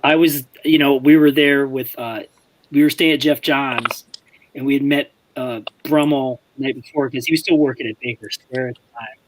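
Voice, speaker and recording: A podcast co-host tells rambling, profane stories in casual chat, laughing as he goes. His medium-pitched voice keeps a steady tone at a moderate pace, on a rough recording with faint background noise.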